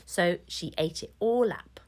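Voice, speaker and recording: A woman's voice: fairly low pitch, a little slow, darkish tone. A woman telling a children's story in a patient, playful way, dodging the listener's questions. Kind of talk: storybook reading.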